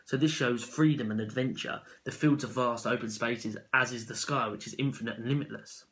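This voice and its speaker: A man giving an unscripted spoken analysis of a poem as a student, halting and correcting himself as he goes. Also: mid-range voice, fairly even intonation, fairly bright tone, low-quality recording. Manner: halting, with self-corrections and fillers.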